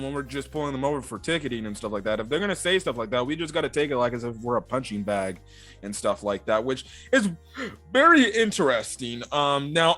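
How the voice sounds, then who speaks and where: A man's voice: high voice, pushed and bright. A man giving a casual, rambling review of an anime episode, full of fillers and loose asides. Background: faint background music.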